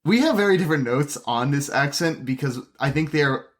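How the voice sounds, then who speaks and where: A man's voice: a little high, animated, brisk. Dry-joking man podcast co-host. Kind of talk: casual film review chat.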